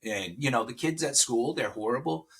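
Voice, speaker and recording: Male podcast guest in his 40s, heartfelt storyteller, bright forward tone. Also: mid-range voice, lively intonation, normal speed, breathy edge. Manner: emotional storytelling. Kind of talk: casual interview chat.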